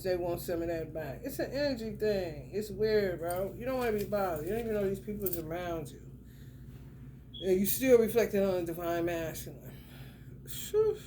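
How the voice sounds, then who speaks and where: A tarot reader with a mellow, medium-pitched voice gives a casual reading to the camera, blunt and profane. She talks straight at the viewer with lots of emphasis. There's a little hiss or hum.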